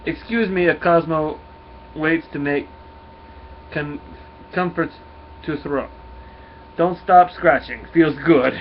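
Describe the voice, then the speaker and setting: A man's voice: fairly high pitch, slow pace, long pauses. A man doing a Russian space dog. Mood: pleading. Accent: put-on Russian. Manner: broken English, talks of himself by name. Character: telepathic Russian space dog, gentle and proud. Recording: dull lo-fi with faint hum.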